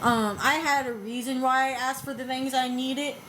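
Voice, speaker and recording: A woman's voice: high voice, steady tone, normal speed, background noise. A woman, talking back bluntly to videos about herself, defensive and swearing freely. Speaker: vlogger reacting to videos. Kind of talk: casual reaction commentary.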